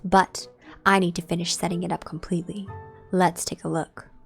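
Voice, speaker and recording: A woman reading the lines of a soft-spoken man who tends his wife's greenhouse in a game, in a low, hushed voice. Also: level tone, normal speed, vocal fry, soft background music. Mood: calm. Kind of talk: reading game dialogue aloud.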